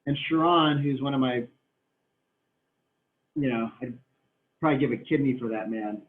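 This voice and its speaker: A man's voice: medium pitch, moderate pace. A man giving a motivational talk to a group, emphatic and repetitive, drawing out words to press his point. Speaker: motivational speaker. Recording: tinny, roomy, distant from mic.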